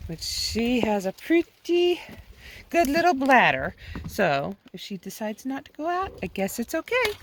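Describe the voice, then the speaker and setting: A woman's voice: high-pitched, sing-song, measured pace, slight background noise. Chatty woman vlogging from her camper van. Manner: chatty, talks to her dog in a coaxing sing-song. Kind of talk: casual vlog chat. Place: camper van and outdoor campsite.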